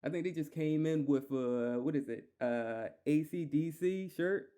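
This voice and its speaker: Philly guy going off on his podcast, swears a lot, repeats himself, mellow voice pitched a bit high. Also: measured pace, clean tone. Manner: heated, profane, repeats himself. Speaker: podcast host. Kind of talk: solo podcast rant.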